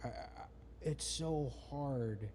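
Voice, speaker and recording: A man who is a guest on a podcast, talking in a relaxed, rambling way with slang. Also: mid-range voice, slow pace, a little hiss or hum. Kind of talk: casual podcast conversation.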